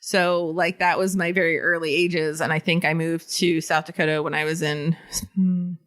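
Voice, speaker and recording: A woman's voice: deep voice, little pitch movement, normal speed, a bit bright. Easygoing woman podcast co-host. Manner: easygoing, laughs often, short agreeing replies. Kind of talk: casual chat.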